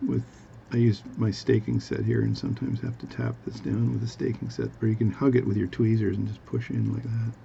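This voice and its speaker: Gravelly husky guy rambling at his watch bench, kinda dull lo-fi sound. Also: lowish voice, lively intonation, a little fast, hardly any pauses, warm tone, a little hiss or hum. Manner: rambling, jokey, self-amused asides. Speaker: hobby watchmaker. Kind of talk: casual workbench tutorial chat. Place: home workbench.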